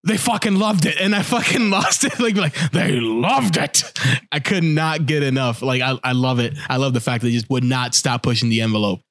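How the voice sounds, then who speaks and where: A man co-hosting a casual podcast chat, telling stories excitedly, swearing freely and acting out quotes. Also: medium pitch, normal speed, no echo, studio quality. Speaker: podcast co-host.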